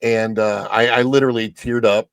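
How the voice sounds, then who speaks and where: Halting, emotional male guest, dry sound. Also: lowish voice, steady tone, gravelly, clean tone, no room sound. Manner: halting, many restarts, emotional. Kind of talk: casual chat.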